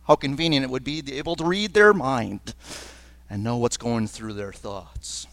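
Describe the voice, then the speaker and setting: A man preaching a sermon as pastor at a church service, earnest and slowing down on key phrases. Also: mid-range voice, fairly bright tone, no room sound. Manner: earnest, with slowed emphatic phrases. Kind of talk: liturgical sermon.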